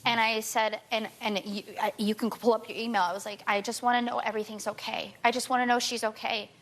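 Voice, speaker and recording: A woman in her twenties, a talk show guest, rushing through an emotional personal account and repeating herself as she pleads her case. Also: fairly high pitch, little pitch movement, a bit bright.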